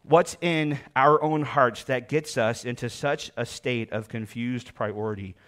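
A man's voice: medium pitch, steady tone, measured pace, a bit bright. A man preaching a sermon as pastor, reading scripture aloud and explaining it with emphatic repetition.

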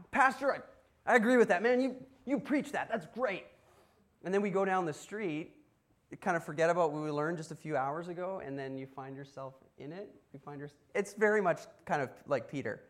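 A man preaching a casual sermon as pastor, telling a story with asides to the congregation. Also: a little high. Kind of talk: conversational sermon.

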